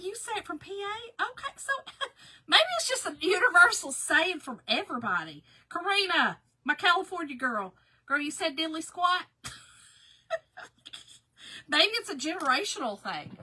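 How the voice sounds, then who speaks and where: A woman from the Southern United States with a Southern American accent and an extremely high, sharp voice chats casually with viewers during a craft livestream as she works. She laughs often and greets people by name.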